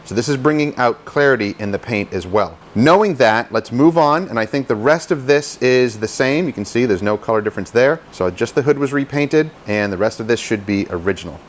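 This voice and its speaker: A man who details cars, explaining paint polishing in a casual, chatty how-to style and joking at his own expense. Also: medium pitch. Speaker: car detailer teaching polishing.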